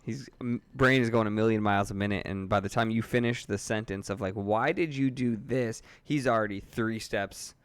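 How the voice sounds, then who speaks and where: Podcast co-host, man, lower register, smooth voice, dry close sound, rambling and laughing. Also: fairly even intonation, fairly quick, hardly any pauses, no echo. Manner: rambling, laughing, full of fillers. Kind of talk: casual chat.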